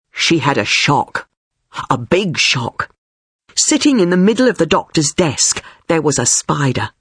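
A woman narrating a first-person story as scripted reading, expressive and deliberate. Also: sits low, husky, no echo, clean studio sound.

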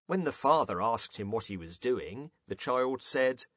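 Husky man reading out jokes. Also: medium pitch, a little slow, no room sound. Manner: lively, amused storytelling. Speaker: podcast host. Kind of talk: reading listener jokes for English learners.

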